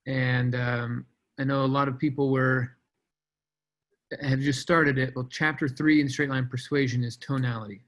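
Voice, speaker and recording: A man leading a sales team on a video call, coaching in a casual, energetic way and calling out team members by name. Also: mid-range voice, poor audio. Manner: energetic, casual, shouts out names.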